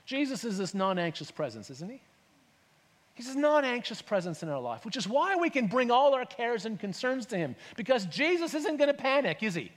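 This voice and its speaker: His very high-pitched voice swings widely and runs a little fast, trailing long reverb. Preaching as pastor, he chats with listeners, poses rhetorical questions, and voices other characters.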